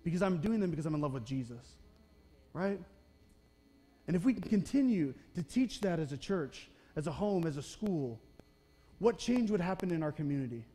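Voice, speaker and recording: A young man delivers a sermon in a church with a high-pitched voice. He talks in a conversational, self-deprecating way, often checking in with the congregation. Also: mellow. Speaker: pastor. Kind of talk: sermon with personal storytelling. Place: church sanctuary.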